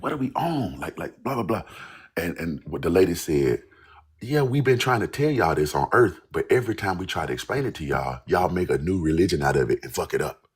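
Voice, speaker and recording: Deep husky man telling a wild story. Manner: animated, laughing, swearing, acting out quotes. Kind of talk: casual storytelling.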